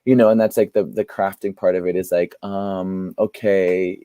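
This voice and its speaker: Animated, laughing man telling stories. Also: sits low, moderate pace, dry recording. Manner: animated storyteller who laughs often. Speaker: guest playwright and performer. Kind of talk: storytelling in an interview.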